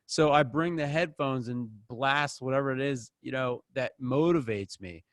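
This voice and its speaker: A man leads an online acting class in a loose, lively manner, slipping into character voices whenever he quotes someone. He speaks close to the mic at normal speed with a medium pitch, and the recording is dry.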